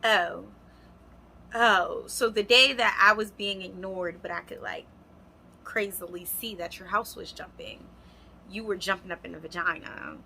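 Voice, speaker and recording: Speaking directly to her viewers, a young adult woman animatedly shares a storytime vlog in a casual, chatty way. Her mid-range voice is unhurried, creaky, and bright with a forceful tone, and there's a little hiss or hum in the audio.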